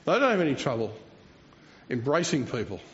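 A man's voice: mid-range voice, big pitch swings, a little fast, a bit bright. A man, preaching a rambling, self-mocking sermon and chuckling between phrases. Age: 60s. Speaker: pastor. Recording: dull lo-fi recording.

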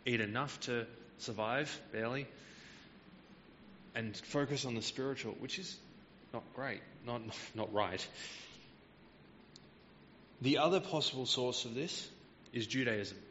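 A man's voice: medium pitch, unhurried, fairly bright tone, in a large hall, lo-fi sound, a little hiss or hum. A man preaching a Bible teaching sermon, explaining verses patiently with frequent hesitant fillers.

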